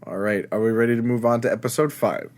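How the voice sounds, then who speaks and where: A man in a relaxed podcast chat, recapping episodes in a laid-back, joking way. His voice sits at an ordinary middle pitch. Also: quick pace, vocal fry. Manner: laid-back, summarizes plot with jokes. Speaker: podcast co-host.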